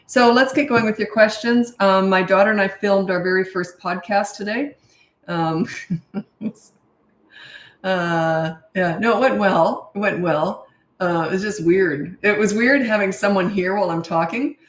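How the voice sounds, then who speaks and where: A woman's voice: medium pitch, unhurried. A middle-aged woman parenting coach answering questions in a casual, blunt, matter-of-fact way, with chatty asides. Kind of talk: casual Q&A advice. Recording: roomy echo.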